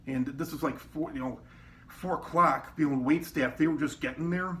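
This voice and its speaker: A man's voice: fairly high pitch, normal speed, bright, forceful tone. Rambling man telling kitchen stories. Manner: rambling, quotes people in raised voices, swears often. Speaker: former cook telling work stories. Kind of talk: casual storytelling. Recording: distant mic with faint background noise.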